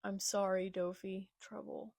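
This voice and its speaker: A young woman reads a comic aloud and reacts as she goes, excitable and often dropping into whispered asides. Her delivery is slow and unhurried, with a gravelly, fry-tinged texture. The sound is dry and close, with no room echo. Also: medium pitch. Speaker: manga reaction reader. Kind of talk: live manga read-along with reactions.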